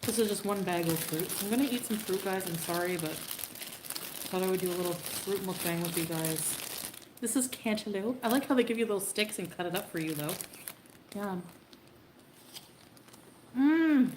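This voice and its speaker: In a played clip, a woman livestreamer chats casually at normal speed in a mid-range voice, laughing and greeting viewers by name. The room is echoey, with faint background noise.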